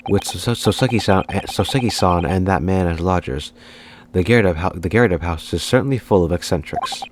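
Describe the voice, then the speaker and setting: Deep-voiced man reading a game aloud. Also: brisk. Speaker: let's-play host. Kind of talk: voicing a game while playing.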